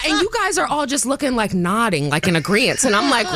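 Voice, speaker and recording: A woman's voice: on the high side, very animated, quick pace, hardly any pauses, sharp tone. A woman on a morning radio show telling a story dramatically, acting out what other people said.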